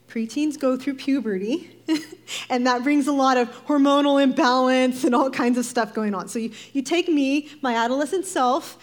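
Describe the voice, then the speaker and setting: A woman giving a devotional talk, telling a personal story in a lively, animated way, acting out voices and laughing often. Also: on the high side. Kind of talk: sermon-style personal storytelling.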